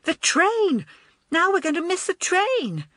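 A woman voicing a hot-headed, excitable schoolgirl who talks in an eager, impulsive rush. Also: very high-pitched, slow pace, no room sound, voice pushed up, heavily acted. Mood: indignant.

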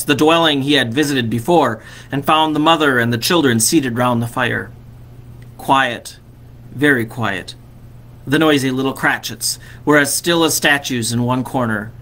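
A man, a vicar, reading a classic story aloud expressively and slowing on key phrases. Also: medium pitch, fairly bright tone.

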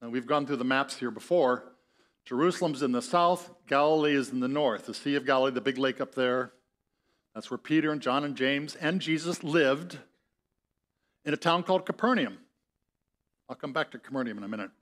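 A man's voice: mid-range voice, moderate pace, fairly bright tone. A man preaching a sermon as pastor, telling the story in a conversational way and acting out the voices in it. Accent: Upper Midwest American. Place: church sanctuary.

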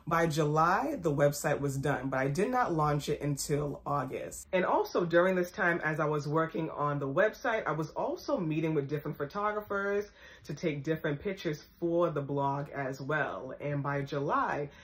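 A woman's voice: sits low, moderate pace. A young woman, host of her own fashion blog, telling a personal story to camera with emphatic repetition and acted-out quotes. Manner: emphatic, repeats phrases for effect.

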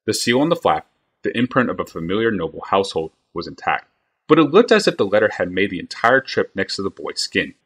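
A man's voice: sits low, big pitch swings, brisk, a bit bright, slightly rough. A man reading a fantasy novel aloud on a live stream, narrating evenly and unhurriedly.

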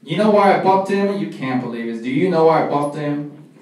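A young man performing stand-up comedy and emceeing a college show, animated and loud in his bits. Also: on the high side, fairly quick. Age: young adult. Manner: animated, shouts during acted-out bits. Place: college comedy club room. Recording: echoey room, mic far off, crowd and noise.

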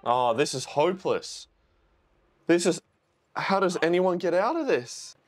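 A young man watches a war film for the first time and reacts aloud. His voice sits a little high for a man, and his talk is slow and drawn out. He swears and yells at the characters with raw emotion. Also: lively intonation. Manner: emotional, swearing, exclaims at the screen. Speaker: reaction video host.

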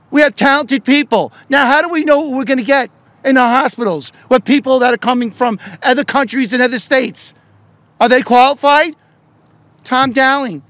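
A middle-aged man, a politician and union leader, giving an impassioned speech at a press event, shouting with fervor and firing off rhetorical questions. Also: very high-pitched, no room sound.

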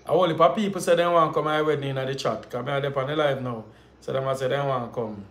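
A man's voice: mid-range voice, steady tone, fast, fairly bright tone, echoey room. A man with a Jamaican accent hosting a livestream, chatting playfully and teasing his guest. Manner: playful, teasing, laughs often. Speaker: livestream host. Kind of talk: casual chat.

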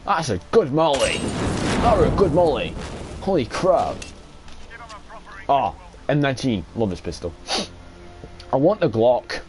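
A young man giving excitable, sweary live commentary while playing a shooter game. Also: medium pitch, slow pace, long pauses, a little hiss or hum. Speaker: gaming streamer.

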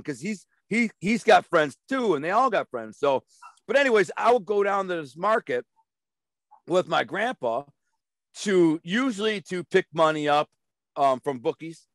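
A streetwise man spins long, rambling stories in a casual interview, repeating himself and slipping into other people's voices. His voice sits a little high for a man, and the sound is dry and close with no room around it. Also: lively intonation, normal speed, no echo. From Detroit. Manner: rambling, repeats words, acts out quoted voices; streetwise and blunt. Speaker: interview guest.

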